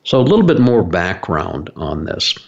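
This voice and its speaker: A man's voice: low voice, very animated, moderate pace, vocal fry, dull audio. A man hosting his own show, telling a long story in a rambling, anecdotal way with frequent fillers and restarts. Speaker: podcast host. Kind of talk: casual explanatory monologue.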